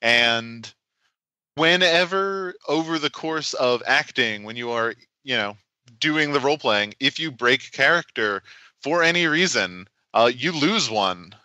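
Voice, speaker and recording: A man's voice: mid-range voice, lively intonation, a little slow, bright, forceful tone, clear, resonant tone, dry recording, poor audio. A man, a game designer, explaining his tabletop game in a podcast interview, thoughtful and full of restarts.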